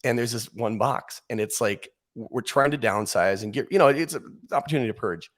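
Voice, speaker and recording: A man in his forties, a podcast guest telling rambling stories in casual chat, with frequent restarts. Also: mid-range voice. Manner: animated rambling storyteller, quick restarts.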